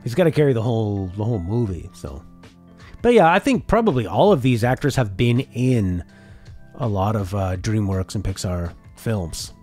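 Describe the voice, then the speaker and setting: A man with a low voice who swings his pitch around a lot as he chats through a live-stream reaction. He reads viewer comments out and answers them in a loose, talkative way, with faint music behind him. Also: expressive, normal speed, darkish tone. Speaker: streamer reacting to a game showcase.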